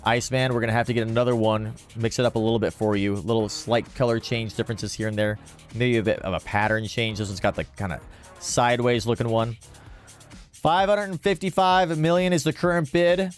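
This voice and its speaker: A man's voice: medium pitch, expressive, a little fast. A man hosting a livestream, calling out bids in an auction with rhythmic, repeated phrases and upbeat chatter. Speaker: livestream host running a charity-style auction. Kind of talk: live stream auction calling. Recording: music playing faintly behind. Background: faint background music.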